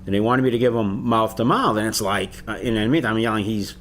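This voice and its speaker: A middle-aged man with a somewhat low voice recalls a painful morning in an interview. He talks haltingly, restarting and repeating words in plain, casual phrasing. A faint hiss sits under the recording. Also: fairly bright tone. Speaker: bereaved father. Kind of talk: interview recollection.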